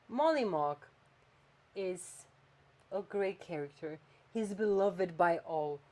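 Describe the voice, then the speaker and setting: A woman's voice: lowish voice, extremely slow, long pauses. Chatty woman podcast host. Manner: animated, chatty, swings between flat and emphatic. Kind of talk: casual chat.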